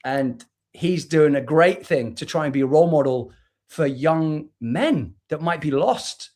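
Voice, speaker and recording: Fairly high-pitched, expressive, and a little mellow, this UK-born man speaks at a measured pace. As a spoken word artist guesting on a livestream via video call, he's earnest and reflective in the candid conversation, frequently starting his sentences over.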